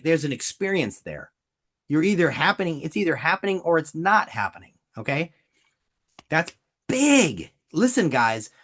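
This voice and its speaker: Emphatic, lively business coach. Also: mid-range voice. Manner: emphatic, repeats key points, gets emotional over examples. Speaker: business coach, podcast host. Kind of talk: coaching talk to a co-host.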